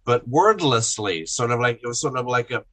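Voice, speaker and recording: A man's voice: mid-range voice, lively intonation, normal speed, a bit bright. Man asking thoughtful, wordy questions. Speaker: host. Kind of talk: casual chat.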